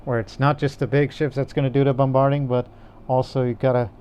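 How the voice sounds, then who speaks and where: Smooth-voiced man rambling about games. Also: medium pitch, little pitch movement, a little fast, darkish tone. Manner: rambling, hesitant, with fillers and restarts. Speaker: podcast co-host. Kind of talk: casual gaming podcast chat.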